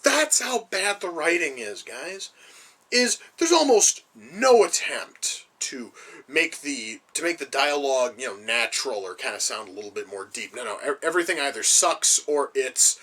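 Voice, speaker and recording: A man's voice: medium pitch, big pitch swings, moderate pace, pushed and bright. A man giving a ranting, sarcastic movie review, swearing often and sounding exasperated. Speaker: film reviewer.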